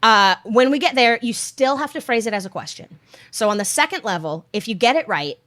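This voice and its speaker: Giggly woman with a lively, high voice. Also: a little fast. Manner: giggly, explains rules at length. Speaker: podcast co-host running a quiz game. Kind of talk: casual chat.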